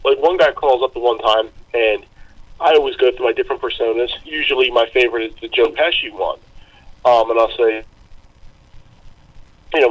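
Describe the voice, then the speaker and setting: A man co-hosting a podcast who tells animated stories in casual chat and often restarts his sentences. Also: mid-range voice, fairly quick, pauses often, highs cut off. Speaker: podcast co-host.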